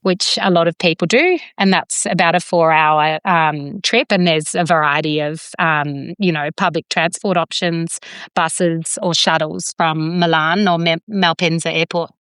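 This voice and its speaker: A woman's voice: low voice, fairly even intonation, measured pace, fairly bright tone, clear, resonant tone, no echo, studio quality. A woman from Australia, a podcast guest chatting enthusiastically, with frequent ums and restarts. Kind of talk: casual chat.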